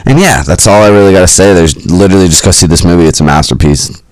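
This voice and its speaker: A man's voice: deep voice, fast talker, a little mellow, no echo, low-quality recording. A young man co-hosting a podcast who talks about films bluntly and swears casually. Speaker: podcast co-host. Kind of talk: casual movie chat.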